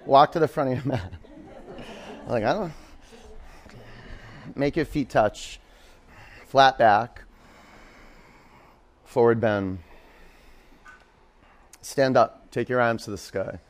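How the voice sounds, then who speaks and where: A man guides a yoga class in a studio, calling out poses and breathing cues at a medium pitch. He drifts into playful, chatty stories between instructions before settling back into the flow. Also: animated, measured pace, long pauses. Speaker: yoga teacher.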